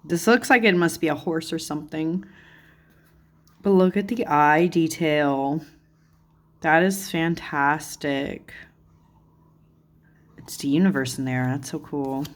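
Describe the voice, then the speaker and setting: Woman flipping through cards, gushes over everything, low-ish voice, takes her time. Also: slow pace, long pauses. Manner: gushing, easily delighted, lots of "like" and "oh my goodness". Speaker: tarot channel host. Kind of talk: chatty deck flip-through.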